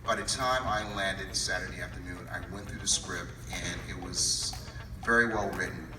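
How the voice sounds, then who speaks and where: A man with a fairly low voice on a convention panel, telling a lively story and acting out its quotes. He is heard from a distance in a large hall with a long, ringing reverb. Music plays underneath. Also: normal speed. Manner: animated, acts out phone calls and quotes. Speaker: panel guest actor. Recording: roomy hall, far from mic, music behind.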